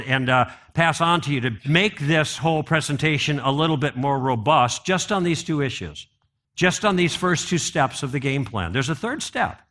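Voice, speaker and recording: A man with a slightly high, sharp-toned voice gives a conversational apologetics talk to a live audience, frequently putting questions to them.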